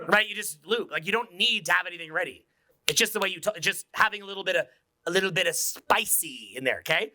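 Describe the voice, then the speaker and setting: A man giving a live seminar talk in a room without speakers, energetic, joking and profane. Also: high-pitched, fast talker. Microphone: unamplified room talk.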